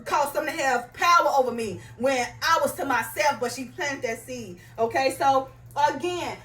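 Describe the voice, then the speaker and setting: A woman talks through a personal lesson about faith, pausing to check that her listeners follow. Her voice sits high and comes across bright. She is a little off the mic, in a room with plenty of echo. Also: faint music behind. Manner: conversational, repeats herself, asks "right?" and "you understand?"; reads scripture aloud in King James wording. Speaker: faith vlogger. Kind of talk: personal spiritual talk to viewers. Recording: echoey room, voice a bit far from mic.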